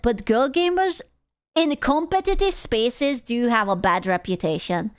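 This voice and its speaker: A young woman streaming, giving blunt, sarcastic and profane reaction commentary on a clip. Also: high voice.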